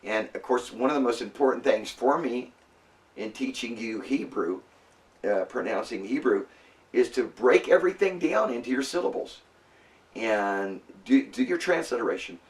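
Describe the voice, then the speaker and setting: A man teaching a class in a casual, halting way, with many fillers and restarts. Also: medium pitch, animated, far from the mic. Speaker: Bible language teacher. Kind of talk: classroom lecture.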